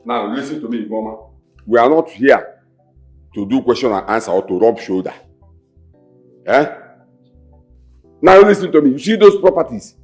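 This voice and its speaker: Ein Mann spielt einen herrischen, drohenden Vater. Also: male voice, medium pitch, lively intonation, normal speed, long pauses, darkish tone, soft background music, natural voice. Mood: threatening. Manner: commanding, threatening. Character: overbearing, domineering father and greedy brother-in-law.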